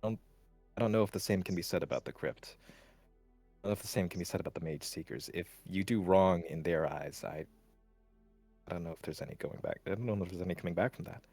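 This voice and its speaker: Hesitant, stammering low-voiced man. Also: quick pace, darkish tone, dry recording, faint music behind. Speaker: tabletop game player. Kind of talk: in-character tabletop role-play.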